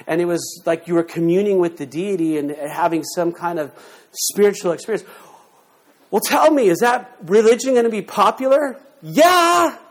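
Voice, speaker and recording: A middle-aged man preaching a sermon, emphatic, with rhetorical questions and sudden swings in loudness. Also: on the high side. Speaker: pastor.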